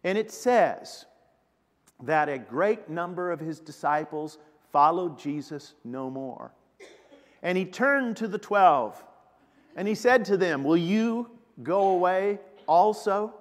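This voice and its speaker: A man preaching a sermon, emphatic and deliberate, retelling scenes with drama. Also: a little high, expressive. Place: church sanctuary. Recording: long reverb of a church hall.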